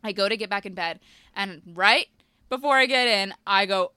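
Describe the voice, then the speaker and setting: Woman co-host, animated storyteller, bright and crisp. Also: mid-range voice, moderate pace, no echo, clean studio sound. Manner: animated storyteller, laughs often. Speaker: podcast co-host. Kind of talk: casual storytelling chat. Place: boat.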